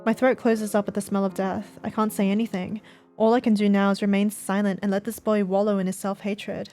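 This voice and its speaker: A woman reads a visual novel aloud on a live stream, narrating steadily and at times breaking into loud, laughing outcries. Her voice sits at middle pitch. Faint game music plays behind her. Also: flat delivery, a little fast.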